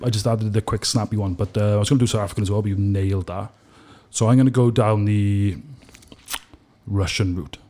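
A man hosting a podcast, chatting casually and enthusiastically and firing off quick questions. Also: on the low side, fairly even intonation, warm tone. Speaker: podcast host. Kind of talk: casual interview chat.

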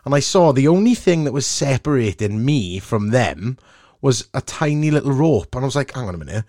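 A Welsh man telling a cheeky anecdote in a casual chat, animated and chatty. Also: medium pitch, normal speed, no room sound, clean studio sound. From Wales.

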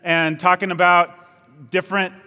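Young pastor preaching in a reverberant hall. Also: male voice, high voice, flat delivery, a little slow, sharp tone, clean tone. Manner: conversational, storytelling, self-deprecating asides. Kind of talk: sermon with opening prayer. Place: church.

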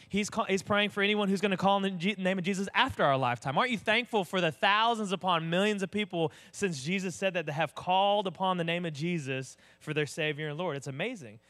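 A man's voice: a little high, fairly bright tone. Conversational man preaching. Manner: conversational preaching, direct questions to the congregation. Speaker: pastor. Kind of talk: sermon.

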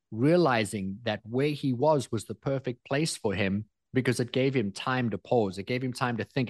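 A man's voice: mid-range voice, a little mellow, no echo. A man telling personal stories in an earnest, emphatic way, repeating phrases for effect, in a motivational talk. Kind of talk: motivational storytelling.

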